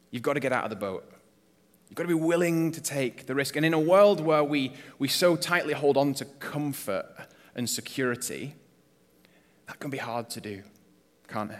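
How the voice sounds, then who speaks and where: A man's voice: mid-range voice, fairly bright tone. A man preaching a sermon as a pastor, conversational and earnest, asking the congregation rhetorical questions. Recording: long reverb of a church hall.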